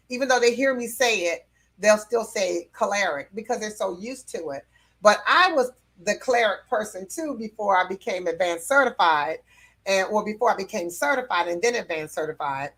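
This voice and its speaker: A woman's voice: mid-range voice, fairly bright tone. A woman teaching about personality temperaments in a casual, conversational way, with fillers and light laughs.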